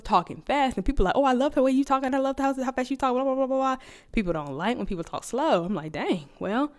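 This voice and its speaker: A woman vlogger chatting casually to camera, talking fast and rambling, laughing often, energized on caffeine. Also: mid-range voice, a little mellow, smooth.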